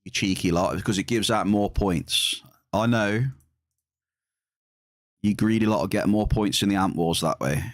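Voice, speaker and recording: A man chats his way through a live game stream, joking with and teasing his viewers. His voice sits a little low, and the sound is dry and close, with no room around it. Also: moderate pace, pauses often, no room sound. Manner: playful, teasing banter with chat.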